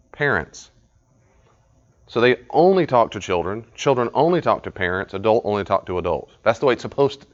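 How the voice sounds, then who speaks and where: A man leading a live study group, teaching in a conversational way, often repeating himself and putting questions to the group. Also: medium pitch. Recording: dull lo-fi live recording.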